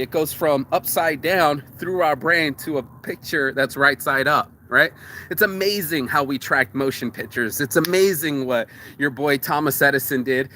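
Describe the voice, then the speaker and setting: Rambling profane man, big pitch swings. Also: sharp tone, slight background noise. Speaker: host. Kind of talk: casual motivational monologue.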